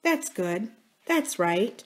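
A woman reading aloud and voicing a wounded, scheming young woman who speaks slowly and softly to coax. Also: medium pitch, very animated. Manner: soft, slow, coaxing.

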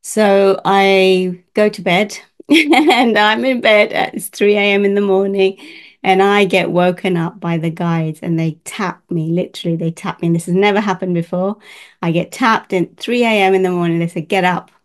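A woman working as a spiritual healer, telling a story casually to camera, lively and laughing often, acting out the voices she quotes. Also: medium pitch, moderate pace.

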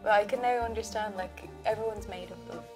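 A young woman with an Irish accent, chatting casually and excitedly on camera. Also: mid-range voice, fast talker, soft background music. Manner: excitable, animated. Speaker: contributor taking a test.

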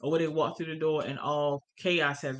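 A woman's voice: sits low, fairly even intonation, moderate pace. A woman co-teaching a church family course. She reads passages from the course material aloud and then explains them, stressing the key points.

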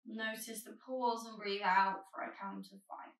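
A woman leading a yoga flow with calm, gentle cues, her voice a touch high. She sounds a little off the mic in an echoey room. Soft music plays behind her. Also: normal speed, distant mic. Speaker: yoga teacher. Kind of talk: guided yoga instruction.

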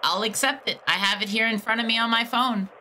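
Woman mocking a scammer, bright sharp voice, teasing then dropping low and menacing. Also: fairly quick, a little hiss or hum. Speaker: scam baiter streamer. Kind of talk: taunting a scammer on a call.

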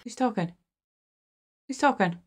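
A woman's voice: a little high, expressive, unhurried, soft background music. A woman, hosting a casual movie reaction, exclaiming and talking back to the screen. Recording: film soundtrack playing behind her.

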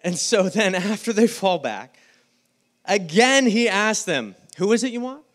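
A male pastor preaching a sermon, telling the story with lively quoted voices. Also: high-pitched, a little slow. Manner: animated storytelling, acting out the scene in quoted voices.

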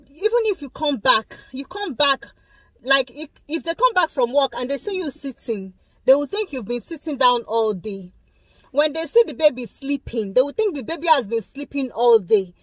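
A young woman giving animated, emphatic commentary on a video, speaking straight to her viewers. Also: sits high, no echo. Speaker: vlogger reacting to a video. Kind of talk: casual opinionated commentary.

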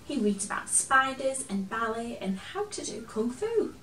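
Expressive woman reading a picture book, echoey room. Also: a little high, unhurried, recorded from a distance. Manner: gentle and expressive, chatting to a toy companion. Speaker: children's storyteller. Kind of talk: picture-book read-aloud for children. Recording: roomy echo, from off the mic.

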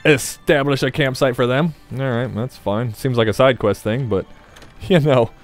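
Soft background music plays as this Let's Play host, a man with a mid-range voice, comments casually on his game at a moderate pace. He rambles along, cracking jokes and addressing his viewers.

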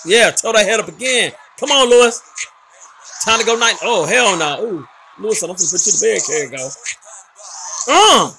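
A man hosting a gaming channel, giving loud, excitable commentary and trash talk while playing, with announcer-style hype. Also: high-pitched, a little fast, gravelly, slight background noise. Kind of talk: live gameplay commentary.

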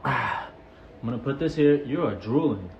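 A man speaks gently and slowly to a dog, coaxing it along. His voice sits at a middle pitch, and the room echoes around him. Steady background noise sits under his words. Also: vocal fry, lo-fi sound. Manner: soft, slow and coaxing. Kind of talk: casual talk to a dog.

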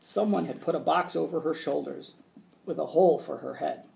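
A male teacher reading a children's book aloud with expressive narration. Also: fairly high pitch, normal speed, gravelly.

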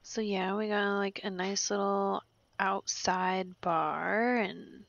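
A woman's voice: mid-range voice, fairly even intonation, slow pace, creaky, a bit bright, no echo, muffled recording. A young woman casually commenting while playing a life-simulation game, often whispering and amused. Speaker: gaming channel host. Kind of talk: casual let's-play commentary.

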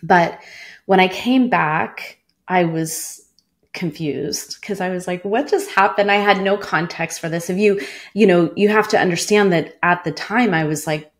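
Unhurried and on the low side, a woman in her forties recounts a personal story in an interview. She is a former cancer doctor who speaks earnestly, using "like" as a filler again and again.

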